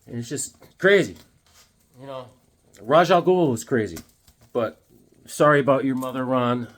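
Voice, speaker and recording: This comic book vlogger, a man in his fifties, speaks in an unhurried, mid-range voice. In a casual review vlog he rambles about comic books, cracking jokes and filling gaps with lots of filler words.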